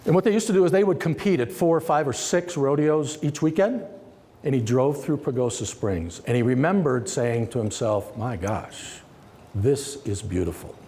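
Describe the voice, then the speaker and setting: A man telling a business story as a summit keynote speaker, conversational and lively, acting out the dialogue. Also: on the high side, normal speed, slight background noise. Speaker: company executive giving a summit presentation. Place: large conference hall. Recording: long hall reverb.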